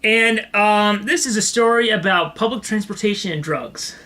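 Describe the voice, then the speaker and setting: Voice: mid-range voice, moderate pace, pushed and bright. A podcast co-host chatting casually and telling a story, laughing often along the way. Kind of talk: casual comedy podcast chat.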